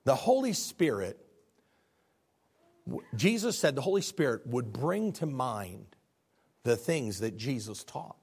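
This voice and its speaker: A middle-aged male pastor preaching a sermon, animated, acting out biblical figures as he goes. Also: medium pitch, takes it slowly, long pauses, slightly rough.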